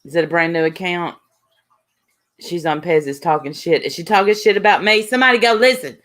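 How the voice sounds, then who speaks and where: A woman's voice: fairly low pitch, fairly even intonation, moderate pace. A woman hosting a casual live stream chat. She talks in a blunt, gossipy way and swears freely.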